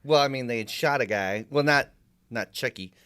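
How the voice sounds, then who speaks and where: A man's voice: medium pitch, normal speed, bright, forceful tone, clean tone. A man co-hosting a podcast, chatting casually and playfully, filling in background facts. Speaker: podcast co-host. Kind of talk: casual chat.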